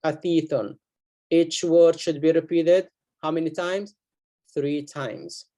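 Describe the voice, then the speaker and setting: A man's voice: a little high, steady tone, slow, dark tone. A man teaching beginners to read Arabic letters and words, sounding each one out and repeating it for the learners. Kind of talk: beginner reading lesson.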